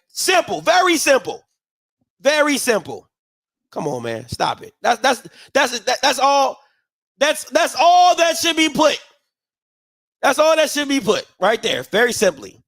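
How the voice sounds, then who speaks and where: Heated high-voiced man ranting at chat. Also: vocal fry, a bit bright, no room sound. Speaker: host of a live watch party. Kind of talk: live game reaction stream.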